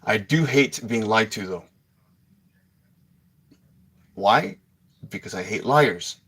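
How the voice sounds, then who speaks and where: Agitated man with a low voice, swearing. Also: expressive, unhurried, fairly bright tone, breathy edge. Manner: agitated, swearing, apologizing to viewers. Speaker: livestreamer teaching a paid online class. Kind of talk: live-stream talk to viewers.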